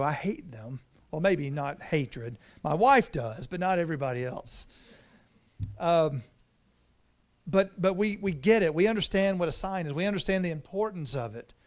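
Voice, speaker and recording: A man preaching a sermon as pastor, in a conversational way, often repeating words as he restarts. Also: sits high.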